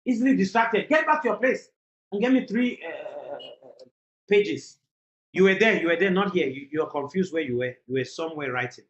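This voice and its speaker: A woman's voice: fairly low pitch, animated, moderate pace, highs cut off. A woman teaching young children in a classroom, coaxing them and repeating prompts for them to echo back. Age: adult. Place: classroom in a temporary learning center. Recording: echoey room with faint noise.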